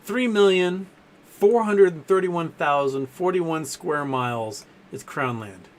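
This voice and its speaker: A man's voice: fairly high pitch, takes it slowly. A man hosting a casual live stream, answering viewer questions in a rambling way, full of fillers and self-corrections. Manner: softens his voice to talk to his dogs.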